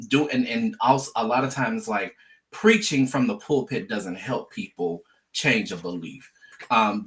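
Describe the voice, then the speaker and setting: A man who is a church elder, speaking as a podcast guest in a halting, searching way. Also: medium pitch, sharp tone. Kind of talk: casual podcast discussion.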